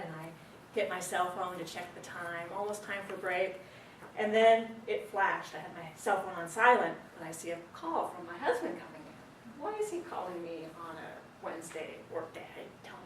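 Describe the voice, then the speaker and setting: A woman giving an animated, dramatic storytelling speech at a speaking club, with pauses for effect. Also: on the low side, a little hiss or hum. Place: meeting room. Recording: roomy distant recording with faint ambience.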